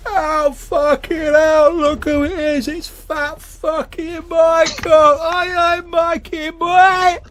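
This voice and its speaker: A man voicing a loud, drunk, rotund older man in a pub, jeering and swearing. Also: very high voice, level tone, slow pace, few pauses, voice pushed up, full character voice. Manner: bawdy, jeering, shouting.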